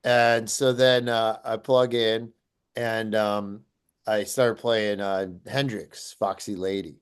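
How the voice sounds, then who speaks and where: A man co-hosting a podcast, telling a story in casual chat and loudly acting out the quotes he tells. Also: takes it slowly, clean tone. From Cleveland area. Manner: animated, acts out quotes in a loud high voice. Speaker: podcast co-host.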